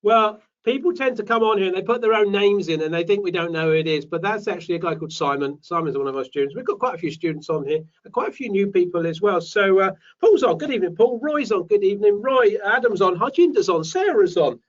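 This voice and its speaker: Brief: British male host, chatty and upbeat, higher voice, recorded off-mic and dull. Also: lively intonation, quick pace, hardly any pauses, far from the mic. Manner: chatty, reads out viewer names. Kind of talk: live webinar chat.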